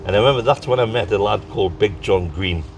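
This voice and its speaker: A man with a Tyneside accent telling stories as an interview guest in a lively, laughing way, acting out what people said. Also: fairly low pitch, fast, gravelly, recorded from a distance, noisy background. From North East England. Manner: lively, laughs through his stories, acts out quotes. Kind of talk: casual storytelling chat.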